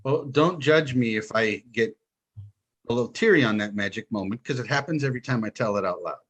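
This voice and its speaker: A man, a guest in an interview, telling his story with lively quoted dialogue. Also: mid-range voice, fairly quick, dull audio. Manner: animated storyteller, acts out quotes. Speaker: guest, online seller.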